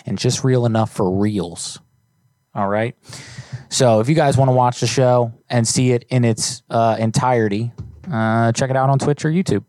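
A man hosts a live prank call stream, talking in a loose, rambling way full of swearing and filler words. His pitch sits right in the middle for a man. The sound is dry and close, with no room around it. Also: steady tone, moderate pace, a little mellow, no room sound. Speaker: livestream prank call show host. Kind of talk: casual live-stream chat.

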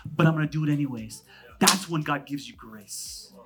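A man in his thirties, a pastor from California, preaching a sermon. He jumps between loud, emphatic lines and hushed asides, with quick, conversational humor. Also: on the high side, breathy edge.

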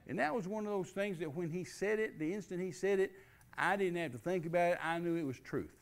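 Older male preacher, slightly high and gravelly, animated testimony storyteller. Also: brisk. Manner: animated storyteller, acts out quoted dialogue. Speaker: guest preacher.

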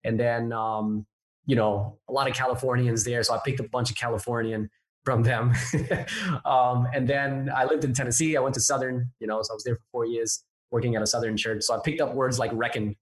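A man's voice: medium pitch, level tone, fairly quick. Upbeat chatty American pastor man. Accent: American, mixed New Jersey. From Newark, New Jersey. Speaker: pastor, podcast guest. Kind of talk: casual podcast interview.

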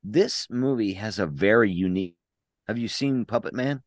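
A man's voice: fairly low pitch, moderate pace, no echo, studio quality. A man co-hosting a casual podcast, reviewing horror movies in a blunt, rambling way with frequent restarts. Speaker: podcast co-host.

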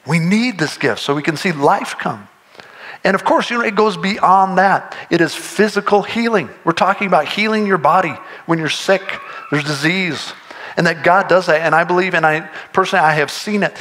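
Man preaching, earnest, conversational, restarts sentences, bright tone. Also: high-pitched, fairly quick, low-quality recording. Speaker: pastor. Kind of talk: sermon.

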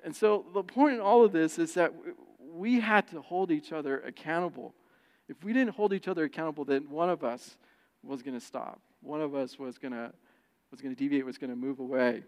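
A man's voice: a little high, a little fast. Man preaching in a reverberant hall. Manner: animated storytelling, acts out quoted voices. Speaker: pastor. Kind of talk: sermon with personal story. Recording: long church reverb.

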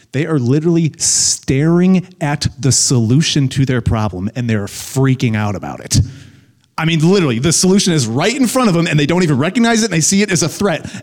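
A young adult man, a pastor, giving a conversational, animated sermon to a congregation. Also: a little high.

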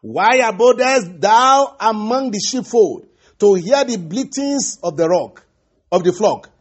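High, husky male preacher, lo-fi. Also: expressive. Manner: halting, repeats words, calls out hallelujah and praise the Lord. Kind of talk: sermon. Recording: dull lo-fi recording.

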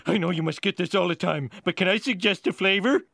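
An actor voicing an excitable cartoon man who gushes like a starstruck fan, with a gravelly, swooping voice. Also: high-pitched, fast talker, slight background noise. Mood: excited. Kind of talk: cartoon voice acting. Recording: clip with music behind.

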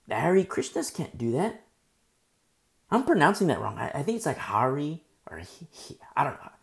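This Bible study sermon comes from a middle-aged woman whose voice runs on the low side with vocal fry. Her teaching is loose and conversational, with key phrases repeated and some stammering when she's excited.

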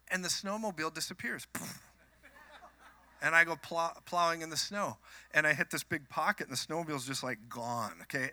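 A man from Minnesota preaching a sermon, telling animated personal stories with joking asides to the congregation. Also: on the high side, no echo. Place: church.

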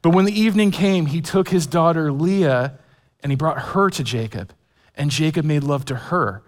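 Chatty pastor in a reverberant hall. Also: male voice, fairly high pitch, moderate pace. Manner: chatty, self-deprecating humor with many fillers and restarts. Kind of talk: sermon with personal storytelling.

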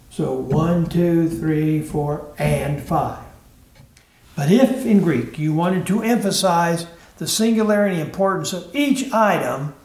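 A man teaches a Bible class in an earnest, deliberate way, stretching out words he wants to stress. His voice sits a little higher than most men's. The room around him is reverberant. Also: a little mellow. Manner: earnest teaching with slow, emphatic phrasing. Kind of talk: Bible lesson.

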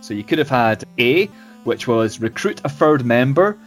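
A man hosts a casual podcast in a middle-pitched voice. He laughs often and trips over repeated words as he talks. Faint music plays behind him. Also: lively intonation, normal speed. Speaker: podcast host.

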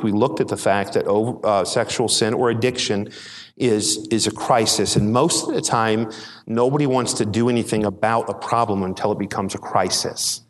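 Male pastor, mid-pitched, folksy midweek sermon, church-hall reverb. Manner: folksy storytelling, repeats words when starting sentences.

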